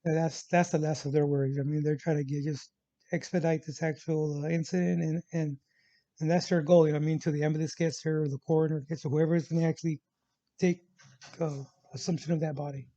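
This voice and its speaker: This man's voice sits a little high with little pitch movement, and he talks fast in a mellow tone. On his vlog he casually tells a personal travel story, rambling through lots of fillers and restarts and repeating "actual." The recording is dry, with a dull lo-fi sound.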